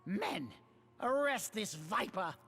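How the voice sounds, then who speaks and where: A man's voice: high-pitched, very animated, slow pace, pushed and bright, husky, heavily acted. An actor voicing a scheming man in a video game, coldly accusing a rival and ordering an arrest. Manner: cold, accusing, commanding. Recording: game music behind.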